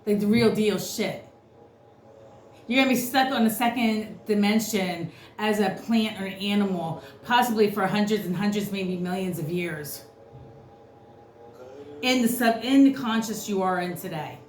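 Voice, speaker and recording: A woman's voice: mid-range voice, normal speed. A woman giving an unscripted tarot reading, ranting bluntly and cursing freely. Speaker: tarot reader. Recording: roomy echo, faint noise.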